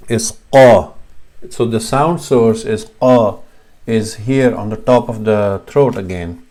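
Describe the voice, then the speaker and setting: A man's voice: on the low side, slow pace, a little mellow. A man teaching Arabic letter sounds, patiently demonstrating each one and correcting himself as he goes. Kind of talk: slow instructional explanation.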